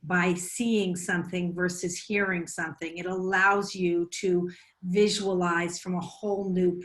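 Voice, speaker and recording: An American woman moderating a panel over a video call, effusive and full of thanks. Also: on the low side. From United States. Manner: warm, effusive, wrapping up with thanks.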